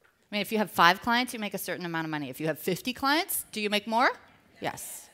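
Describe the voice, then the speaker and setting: A woman business coach giving an energetic motivational seminar talk, drawing the audience in with call-and-response questions. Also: medium pitch, fast talker. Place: live event with an audience.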